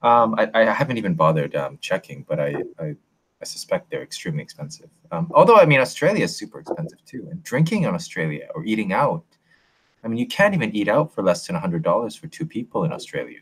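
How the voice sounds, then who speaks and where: Low-voiced, hesitant male guest. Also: big pitch swings, fast talker, slightly rough, low-quality recording. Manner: hesitant, many fillers and restarts. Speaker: guest on a livestream. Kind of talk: casual livestream chat.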